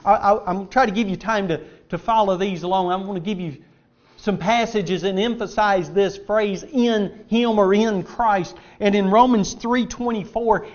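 A man's voice: high voice, a little mellow, highs cut off. A man preaching a sermon in an auditorium, emphatic, repeating words for stress as he quotes scripture.

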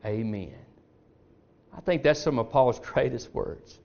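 A man's voice: mid-range voice, moderate pace, vocal fry, a little mellow. A man preaching a sermon in a church, speaking emphatically as he calls out to the congregation. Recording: dull lo-fi recording.

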